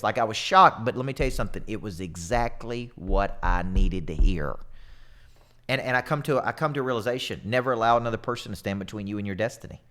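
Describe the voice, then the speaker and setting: A man in his forties giving an energetic, emphatic motivational talk as a coach, often repeating words for emphasis. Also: lowish voice, fairly quick. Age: 40s.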